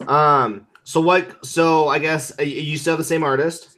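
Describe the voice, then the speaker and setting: A man's voice: a little high, fairly even intonation, unhurried, fairly bright tone. A man hosting a casual interview chat, asking long, rambling questions.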